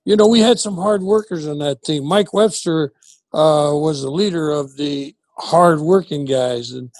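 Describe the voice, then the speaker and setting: An older former football coach reminisces as an interview guest, animatedly acting out the dialogue in his stories. His voice is a little high and his pace measured, with no room sound on the recording.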